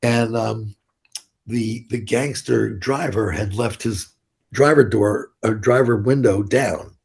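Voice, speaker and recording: A man's voice: on the low side, takes it slowly, vocal fry, darkish tone, husky. An older man, telling rambling, blunt, profane stories as an interview guest. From New York City. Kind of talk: casual storytelling interview.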